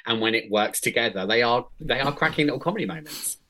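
A man from England co-hosting a podcast in a casual, enthusiastic chat. His voice is bright and forward, and his talk rambles on happily. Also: mid-range voice, lively intonation, quick pace. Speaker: podcast co-host.

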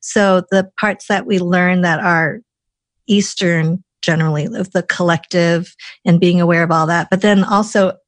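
Attentive lower-pitched woman interviewer. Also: steady tone, unhurried, no echo. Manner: affirming, attentive listener. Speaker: interviewer, host. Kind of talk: conversational interview.

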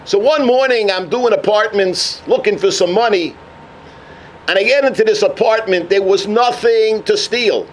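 A man giving a sermon as a rabbi, telling a story with animated energy. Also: high-pitched, moderate pace, a little hiss or hum. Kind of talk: sermon on the weekly portion.

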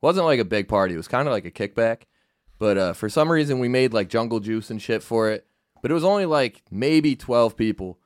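A man's voice: mid-range voice, animated, brisk, dry recording, studio quality. A man guest comedian telling a long story on a casual podcast, with many fillers and restarts. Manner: rambling, filler-heavy storytelling.

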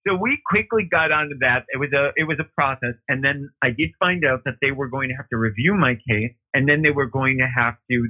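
A man, a guest who is an opera singer, telling his own story in an excited way and acting out the dialogue. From United States. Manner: excitable, acts out quoted dialogue with big pitch jumps. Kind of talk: animated personal storytelling. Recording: narrow phone-like line.

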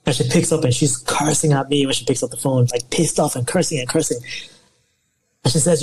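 A young man from Nigeria, a podcast guest telling a long story in casual interview talk, animated and often laughing. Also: mid-range voice, fairly quick, breathy edge, low-quality recording.

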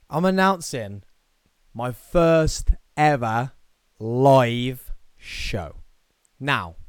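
A man's voice: mid-range voice, takes it slowly, clean tone, dry recording, studio quality. Upbeat man with a Birmingham accent. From England. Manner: energetic, playful, jokey asides. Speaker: podcast host. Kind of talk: solo podcast chat.

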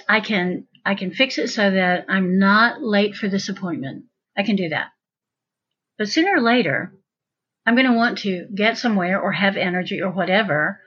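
Husky-voiced chatty woman, lo-fi sound. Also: medium pitch, a bit bright. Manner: chatty, rambling with many restarts. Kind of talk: casual conversation. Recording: dull lo-fi sound.

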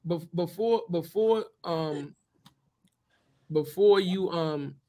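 A man co-hosting a podcast, telling a story in a heated, profane, animated way. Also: a little high, slow. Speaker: podcast co-host. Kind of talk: casual podcast conversation.

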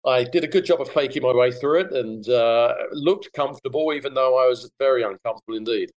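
A middle-aged man with an English accent, a golf broadcaster chatting as a podcast guest, telling relaxed stories with plenty of fillers. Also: mid-range voice, fairly quick, muffled recording. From England. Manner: relaxed storytelling with many fillers. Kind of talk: casual podcast chat.

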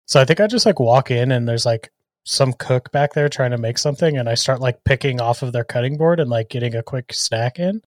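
A young man playing a tabletop game in a laid-back, joking way, full of fillers. His voice is at a middling pitch and sounds dry and close. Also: brisk, no room sound. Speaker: player. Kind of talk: casual tabletop play.

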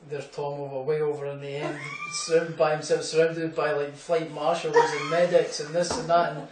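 A man's voice: fairly high pitch, level tone, moderate pace, far from the mic. A young Scottish man, a boxer, telling rambling anecdotes in a casual interview, full of fillers and laughs. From Scotland. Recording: echoey room, off-mic, faint hum.

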